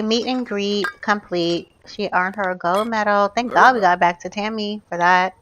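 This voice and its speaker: A woman giving animated, chatty commentary over her gameplay, often calling out to her viewers. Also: mid-range voice, unhurried, few pauses. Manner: animated, gasping, chatty, addresses viewers as y'all. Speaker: gaming YouTuber. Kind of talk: casual let's-play commentary.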